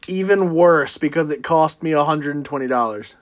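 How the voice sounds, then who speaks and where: A man with a notably high voice hosts a casual sports podcast. He talks in an animated, teasing way and often bursts into loud laughter. It is loose banter between friends. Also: moderate pace. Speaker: podcast host.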